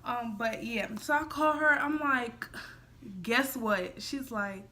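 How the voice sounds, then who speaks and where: Chatty young woman with a bright, high voice. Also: measured pace. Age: young adult. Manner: chatty, says "like" and "y'all" a lot, drops to a hush for quoted thoughts. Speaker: vlogger. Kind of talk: casual storytime.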